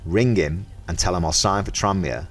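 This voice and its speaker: A middle-aged man with a Merseyside accent, a podcast guest in casual chat, telling lively anecdotes and acting out the dialogue. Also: sits low, normal speed. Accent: Merseyside English. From Merseyside, England.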